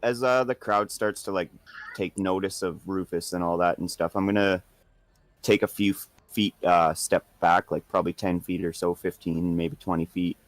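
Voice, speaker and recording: A man's voice: sits low, steady tone, normal speed, no echo. A man casually playing a tabletop game, talking in hesitant stumbling phrases. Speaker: player.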